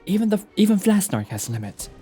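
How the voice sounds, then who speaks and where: A determined young woman mage, as a man puts her on for game dialogue read live. The voice pushes well up in pitch and swings widely in tone as she snaps out orders and coaches herself along. Faint music plays behind. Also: very animated, fairly quick, mellow, breathy edge, heavily acted.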